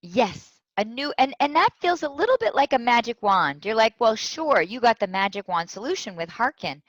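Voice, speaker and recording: Animated woman telling a story. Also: on the high side, normal speed, no echo. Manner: animated, tells stories with quoted voices. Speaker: guest speaker. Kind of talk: storytelling interview. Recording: dull lo-fi sound.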